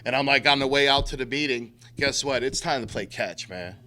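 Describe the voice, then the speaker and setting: This middle-aged recovery speaker has a mid-range, sharp-toned voice and speaks a little fast. Addressing the group bluntly and with profanity, he uses street slang and performs the quotes he repeats.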